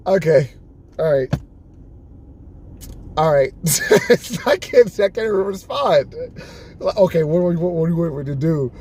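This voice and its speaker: A man on a live stream tells stories in a high voice whose pitch jumps all over the place. He laughs a lot and acts out the back-and-forth lines. A faint noise floor sits under his voice. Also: a little slow, pauses often. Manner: animated storytelling, laughing often, acting out quoted exchanges. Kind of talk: casual chat on a live stream.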